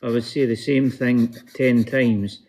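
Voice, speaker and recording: A man's voice: medium pitch, steady tone, unhurried, a little mellow. A Scottish man chatting casually with dry, wry remarks as co-host. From Scotland. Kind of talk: casual chat.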